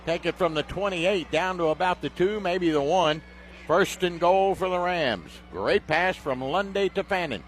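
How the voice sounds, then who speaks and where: Male play-by-play announcer, higher voice, excitable radio football caller. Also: unhurried, a little hiss or hum. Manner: excitable, shouts on big plays.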